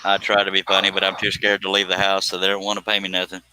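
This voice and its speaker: Bright-voiced man joking on stream. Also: sits low, monotone, fast, a little hiss or hum, low-quality recording. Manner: joking, reads chat comments aloud. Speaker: live stream host. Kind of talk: casual live stream chat.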